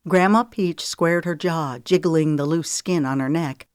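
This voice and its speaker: Low-voiced woman reading a novel. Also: unhurried, clear, resonant tone, no echo, studio quality. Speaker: audiobook narrator. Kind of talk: scripted storybook narration.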